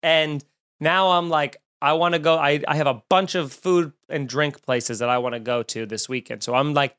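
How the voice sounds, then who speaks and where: Animated, swearing male storyteller, smooth voice. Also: a little high, moderate pace. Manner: animated, profane, joking storyteller. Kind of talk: casual storytelling chat.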